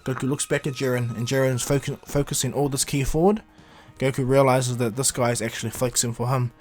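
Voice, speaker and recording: A man's voice: medium pitch, flat delivery, quick pace, darkish tone. A man casually retelling a fan-made anime story on his channel, rambling with restarts. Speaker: YouTube storyteller.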